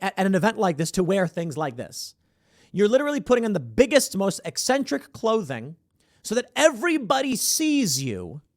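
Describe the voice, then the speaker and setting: This podcast host, whose voice is high, delivers sarcastic, opinionated commentary on his show, mimicking the people he quotes. It's studio-quality audio without any room sound.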